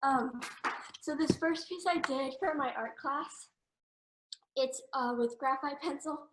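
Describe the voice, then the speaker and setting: A young woman walks through her own art pieces in a relaxed, halting way, filling her pauses with ums and sounding slightly out of breath. Her voice sits a little high, and the room around her echoes noticeably. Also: slight background noise. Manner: hesitant, with frequent ums. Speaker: art student presenting her work. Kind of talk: casual showcase talk.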